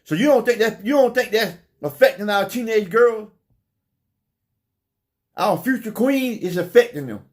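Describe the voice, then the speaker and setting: A man's voice: sits high, expressive, moderate pace, pauses often. A man delivering an impassioned preaching monologue, fervent, often repeating phrases and stumbling over his words. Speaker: religious speaker.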